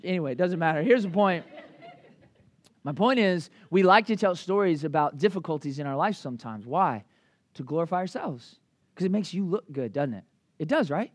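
A man in his thirties delivers a sermon in a loose, chatty way, dropping fillers and asking the room questions. His voice sits high for a man, and the sound is close and dry with no room echo. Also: moderate pace. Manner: conversational, lively, with many fillers and asides. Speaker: pastor.

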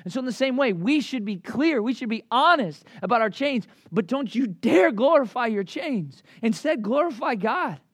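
A man in his thirties preaching a sermon in a casual, lively way, full of fillers and asides. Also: very high voice, moderate pace, hardly any pauses, no echo, studio quality. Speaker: pastor.

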